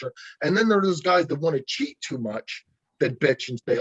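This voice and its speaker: A man's voice: on the high side, lively intonation, fairly quick, husky, no echo, dull audio. A man who is an arm wrestler being interviewed, talking bluntly and swearing a lot, ranting in a heated way. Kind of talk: casual interview over a call.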